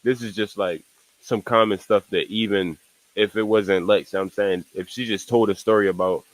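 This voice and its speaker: A man's voice: fairly low pitch, fairly quick, low-quality recording. A young man streaming casual reaction commentary, rambling in slang, repeating "you know what I'm saying" and laughing at asides.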